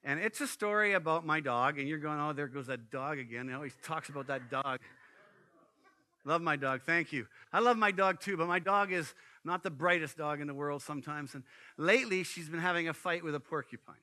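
Pastor guy preaching, tells stories, lots of asides, high bright voice. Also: fairly quick. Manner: animated storytelling with asides. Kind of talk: sermon.

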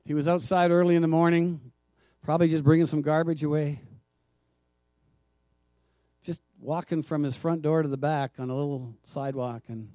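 A man preaching a sermon as pastor, moving from hushed, gentle passages to loud emphatic ones and calling out to the congregation for responses. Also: a little high, fairly even intonation, normal speed, pauses often, dry recording.

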